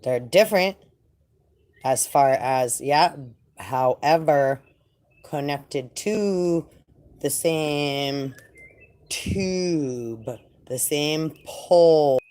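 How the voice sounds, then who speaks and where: Low-voiced woman musing on spirit. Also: drawn-out words, pauses often. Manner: animated, slangy, laughing, rambling. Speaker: spiritual channeler. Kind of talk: casual spiritual monologue.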